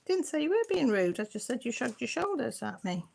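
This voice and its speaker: A woman's voice: on the high side, very animated, fairly quick, vocal fry, darkish tone, slightly rough. A middle-aged woman, hosting a casual livestream and chatting and teasing as she answers viewer comments. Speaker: channel host.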